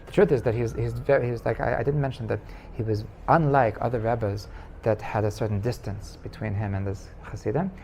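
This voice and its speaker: A male rabbi leads an informal class, narrating a story with lots of false starts and repeated words. His voice is gravelly and creaky. A faint hiss runs under the recording. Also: mid-range voice. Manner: halting, many restarts, animated when telling the story. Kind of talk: casual storytelling lesson.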